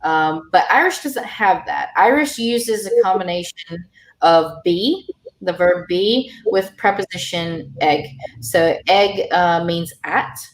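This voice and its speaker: A woman's voice: lowish voice, slow pace, echoey room, slight background noise. A woman teaching an online language lesson over a video call, explaining patiently with many fillers.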